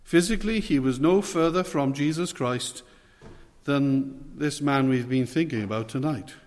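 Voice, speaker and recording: Male preacher, sermon delivery, measured and emphatic, long hall reverb. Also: mid-range voice, darkish tone. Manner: measured, emphatic preaching with slow stressed phrases.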